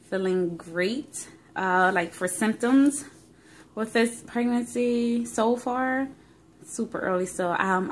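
A young woman telling a rambling, emotional story in a casual pregnancy vlog, recorded on her phone. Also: medium pitch. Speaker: vlogger.

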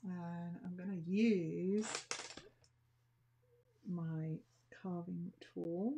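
A woman demonstrates nail art, talking slowly and casually as she thinks aloud. Her voice sits low and gravelly, with a husky, dark, mellow tone. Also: fairly even intonation, muffled recording. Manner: chatty, thinking aloud while working.

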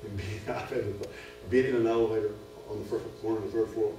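A man preaching a sermon at a men's retreat, impassioned and repetitive, building in pitch and force as he goes. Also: fairly even intonation, fast, mellow, soft background music. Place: church hall or retreat room. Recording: echoey hall, far from the mic.

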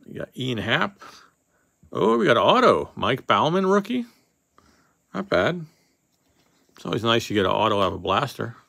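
A man's voice: mid-range voice, very animated, normal speed, creaky, pauses often, sharp tone, slightly rough, dry recording, studio quality. A man hosting a casual card-opening session, reading off names as he goes and joking offhand with a few swear words. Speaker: card box breaker host.

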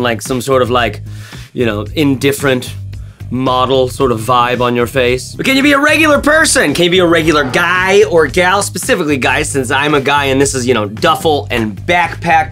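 A man talking casually in a review vlog, rambling and animated, with lots of fillers and jokes. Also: fairly high pitch. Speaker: bag reviewer.

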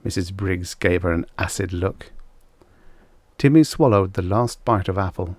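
A man narrating a vintage science fiction story in an expressive, theatrical way, with a slightly croaky voice. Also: sits low, a little slow, no room sound, studio quality. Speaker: audiobook narrator. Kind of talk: scripted narration.

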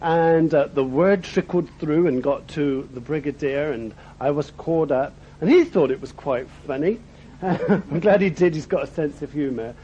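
A middle-aged Englishman with an Oxfordshire accent tells humorous stories at a dinner, pausing on plenty of ums. His voice sits a little high for a man yet sounds mellow. The recording is dull and lo-fi, with a faint hiss behind him. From Berkshire, England. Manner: humorous storytelling with frequent ums. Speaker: speaker at a dinner. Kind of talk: after-dinner testimony talk.

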